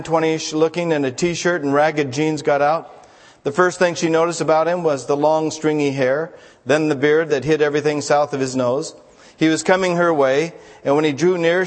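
A man preaching a sermon as a pastor, telling jokes to the congregation in a folksy storytelling manner. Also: fairly high pitch. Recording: long hall reverb.

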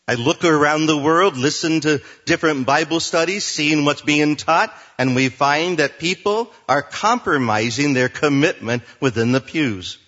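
Preacher with a lively rising voice. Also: male voice, a little high, muffled recording. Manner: expository preaching, reads scripture slowly then explains. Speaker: pastor. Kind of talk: sermon.

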